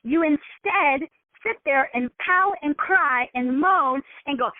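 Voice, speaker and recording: A woman wellness coach giving a motivational coaching talk, constantly checking in with her listeners and acting out scenarios in animated voices. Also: high voice, slow pace, no room sound. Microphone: telephone. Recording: tinny phone line.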